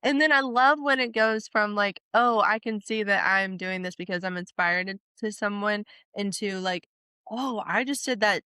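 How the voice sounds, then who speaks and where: A woman's voice: medium pitch, moderate pace, pushed and bright, smooth, dry recording. Giggly, swearing woman podcaster, dry close mic. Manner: giggly, swears freely, upbeat. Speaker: podcast co-host. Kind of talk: casual podcast chat.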